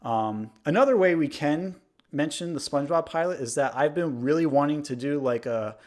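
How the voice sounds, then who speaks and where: A man's voice: a little high, moderate pace. A man co-hosting a podcast, speaking in a casual, opinionated way. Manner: opinionated, chatty, frequent "like" fillers. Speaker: podcast co-host. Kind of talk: casual chat.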